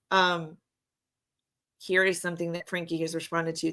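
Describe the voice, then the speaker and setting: A woman giving casual true crime commentary to her viewers. She talks hesitantly with many filler ums, and her voice is slightly hoarse. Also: fairly low pitch, flat delivery, normal speed, long pauses, pushed and bright.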